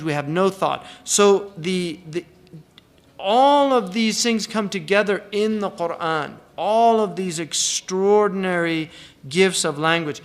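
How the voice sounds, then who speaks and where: A middle-aged man giving a reflective religious lecture, often restarting phrases and reciting verses quickly. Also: a little high, fairly bright tone. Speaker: Islamic scholar.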